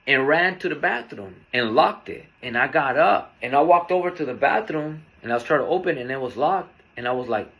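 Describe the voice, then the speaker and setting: A man hosting a podcast, telling a personal story in a candid, earnest, unhurried way. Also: on the high side, expressive, fairly bright tone. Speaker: podcast host.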